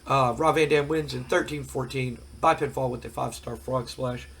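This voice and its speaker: A man's voice: medium pitch, fairly even intonation, moderate pace, fairly bright tone, a little hiss or hum. A man recapping a wrestling sim game in a rambling, casual way, his voice cracking from a cold. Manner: rambling casual, many fillers. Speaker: gaming channel host. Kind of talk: let's play recap commentary.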